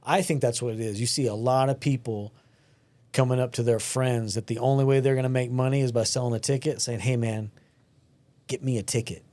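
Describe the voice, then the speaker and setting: A man from West Texas with a Texan accent, hosting a casual podcast chat and telling lively stories that act out what other people say. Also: mid-range voice, a little fast. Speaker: podcast host and gym owner.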